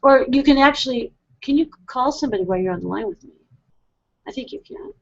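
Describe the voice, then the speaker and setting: A woman hosting a call-in show in a chatty, rambling way, often laughing at herself. Her voice sits a bit high, and the web broadcast sound is dull and lo-fi. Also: lively intonation, fast, gravelly. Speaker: psychic radio host. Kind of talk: casual call-in show chat.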